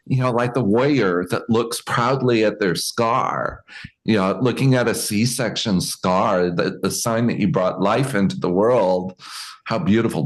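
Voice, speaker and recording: Low-voiced man leading a group call. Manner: reflective, admiring, trailing restarts. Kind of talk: casual group coaching talk. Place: online video call.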